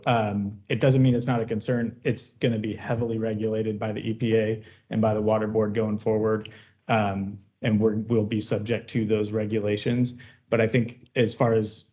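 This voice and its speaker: A man, a water district official, calmly explaining an issue at a board meeting, with some fillers and restarts. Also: fairly low pitch. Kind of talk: answering public comment at a board meeting. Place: meeting room. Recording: dull lo-fi meeting audio.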